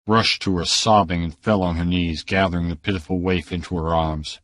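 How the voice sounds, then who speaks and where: A man narrating a pulp adventure audiobook in a measured, dramatic storytelling manner. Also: low-pitched, fairly bright tone, dry recording, studio quality. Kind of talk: scripted narration.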